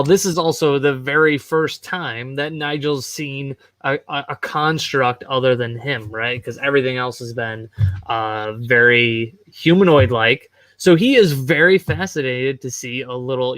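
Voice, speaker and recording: A man's voice: mid-range voice, a bit bright, no echo. A man describing and voicing his armored construct character in a tabletop game, casual and wondering. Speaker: player.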